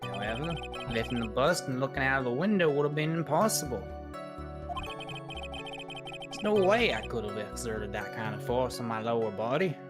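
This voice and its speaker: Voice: medium pitch, lively intonation, normal speed, over music, lightly acted. A streamer putting on a polite acrobat with a wobbly put-on accent. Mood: composed. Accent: put-on southern drifting to Australian. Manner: slips in and out of the accent. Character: male acrobat witness, calm and polite. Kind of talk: fan voice read of a game.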